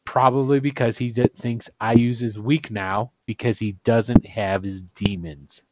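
A man's voice: mid-range voice, fairly even intonation, unhurried, noisy background. Chatty man running a tabletop game. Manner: loose, chatty, laughs often. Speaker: game master. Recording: dull, dry recording.

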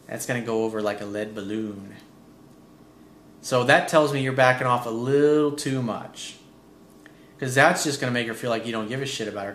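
A man's voice: medium pitch, a bit bright, slight background noise. A man giving blunt, profane dating advice while reading out a listener's letter. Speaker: dating coach. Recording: roomy echo.

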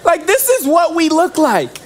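A young man preaching a sermon as pastor, animated and joking, acting out little scenes as he goes. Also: extremely high pitch, a little slow, some chatter behind.

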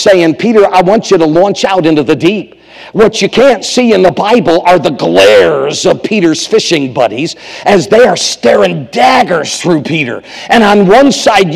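Preacher guy going loud then hushed, raspy gravelly edge, reverb from a big church. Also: on the high side. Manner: dramatic, swings from loud to hushed, acts out quotes. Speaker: revival preacher. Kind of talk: sermon.

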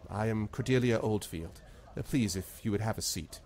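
A man voicing a weary, graying woman ruler who speaks calmly and politely. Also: on the low side, moderate pace, slight background noise, close to an everyday voice. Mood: courteous.

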